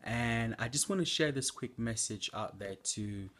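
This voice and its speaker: A man's voice: mid-range voice, lively intonation, unhurried, a bit bright. A young man giving an earnest preaching testimony from home at night, exhorting listeners with fillers. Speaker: church member giving a testimony.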